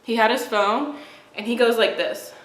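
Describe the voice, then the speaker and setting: A woman's voice: fairly high pitch, fairly even intonation, moderate pace. A young woman and beauty vlogger, chatting casually and rambling through stories while doing her makeup, often laughing. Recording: roomy echo.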